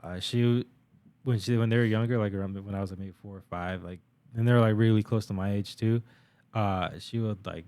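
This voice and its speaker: Young dude on a podcast, low voice, rambles, cusses a ton, lots of likes. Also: male voice, steady tone, brisk, a little mellow, smooth. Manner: rambling, swears a lot, many fillers. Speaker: podcast co-host. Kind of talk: casual chat.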